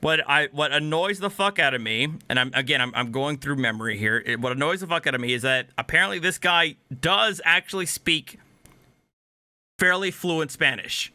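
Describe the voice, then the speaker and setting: A man talks through a casual reaction commentary in a sharp, very bright voice, recorded dry and close. He rambles, swears heavily and corrects himself mid-sentence, sounding a little drunk. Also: fairly high pitch, normal speed, no echo. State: a bit drunk. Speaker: commentary host.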